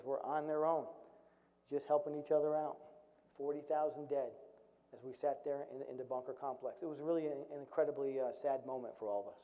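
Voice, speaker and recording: A middle-aged man, a retired Marine officer, telling a serious story from his service in a storytelling talk, with wry, dry humor. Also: fairly high pitch. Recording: dull recording with long hall reverb.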